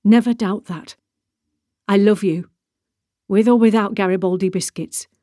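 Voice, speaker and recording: Woman reading a quiet man, gentle and evasive, close and dry. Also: mid-range voice, steady tone, unhurried, dry recording, close to an everyday voice. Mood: calm. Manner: soft, gentle, mildly reproachful. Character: calm evasive man, returned husband. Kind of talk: audiobook character reading.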